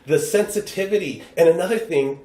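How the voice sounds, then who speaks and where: A slightly high, brisk voice belongs to an American improv performer visiting a podcast. He chats casually, acting out the voices of the people in his stories with plenty of animation, heard through a roomy echo.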